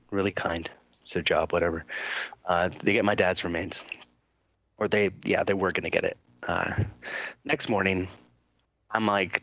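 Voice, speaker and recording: A man's voice: low-pitched, a bit bright, lo-fi sound. A man hosting a podcast, telling a long story in casual chat, rambling and swearing, with many fillers and quoted dialogue. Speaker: podcast host.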